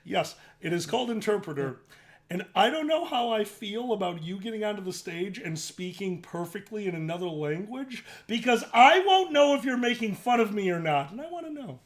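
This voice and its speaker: A man's voice: high-pitched, animated, normal speed. A man with a Chicago accent chatting casually as a guest, playful and self-mocking. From Chicago, USA. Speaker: co-host guest. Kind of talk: casual chat on a drinking show.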